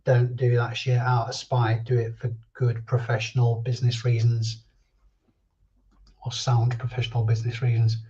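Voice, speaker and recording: A man's voice: medium pitch, monotone, normal speed, warm tone. Chatty man streaming live. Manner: chatty, answers viewer comments and drifts between thoughts. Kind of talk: casual live chat. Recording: dull lo-fi stream audio.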